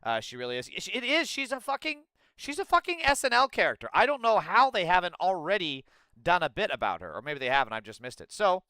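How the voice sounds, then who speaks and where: A man rants through political commentary with heavy sarcasm and plenty of swearing. His voice is high and lively and swoops widely, and it sounds bright and close in a dry room. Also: fast, clear, resonant tone, no echo. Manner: profane, heated, sarcastic.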